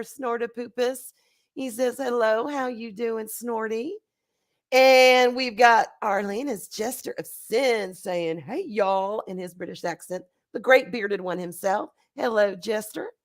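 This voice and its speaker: A woman hosting a casual livestream, hoarse and congested from a recent flu, chatty and laughing as she greets her chat. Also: a little high. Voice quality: nasal, congested. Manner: chatty, laughing, swings between loud bursts and quiet asides. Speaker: livestream host. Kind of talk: casual chat reading live chat.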